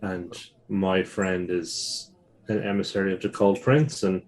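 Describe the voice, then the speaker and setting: A man's voice: low voice, level tone, a little slow, darkish tone. A man, a player chatting casually in a tabletop game.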